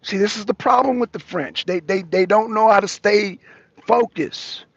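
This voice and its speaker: Mocking male host, gravelly and husky. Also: high-pitched, moderate pace, dry recording, lo-fi sound. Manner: mocking, repeats himself for emphasis. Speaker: talk show host debating a guest. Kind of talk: casual live debate.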